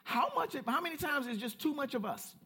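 High-voiced, lively man preaching. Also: a little fast. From United States. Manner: animated preacher, playful asides to the congregation. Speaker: pastor. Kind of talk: sermon.

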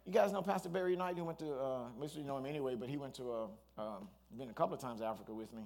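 A man, a pastor, preaching a sermon in an animated storytelling way, with asides and restarts. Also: medium pitch, rapid-fire.

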